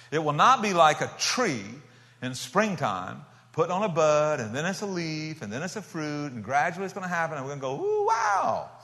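A man preaching a sermon, telling stories with animation and swinging from loud bursts to hushed tones. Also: fairly high pitch. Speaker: pastor. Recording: long reverb of a church hall.

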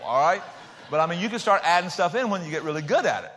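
An older man preaching a sermon in a folksy, joking way, swinging between loud emphasis and soft asides. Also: high voice, animated, rapid-fire. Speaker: pastor. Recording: hall reverb.

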